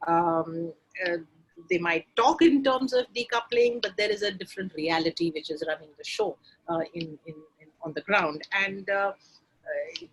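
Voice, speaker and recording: A woman speaks on an online academic panel with a slightly husky voice. Her pitch rises and falls in lively swings while she hesitates, restarts and circles back to her point. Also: low-quality recording. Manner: halting, many restarts. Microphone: remote video call.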